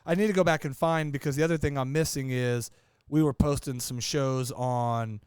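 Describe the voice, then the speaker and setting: A man's voice: medium pitch, fairly even intonation, moderate pace, darkish tone, clean tone, no echo, clean studio sound. A man co-hosting a podcast in casual chat, matter-of-fact and keeping track of the details. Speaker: podcast co-host.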